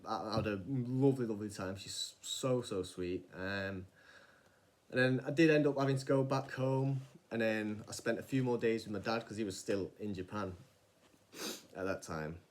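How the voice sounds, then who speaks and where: A man, casually telling a personal story in a rambling, animated way, with frequent restarts and some swearing. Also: on the low side, moderate pace. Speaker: vlogger.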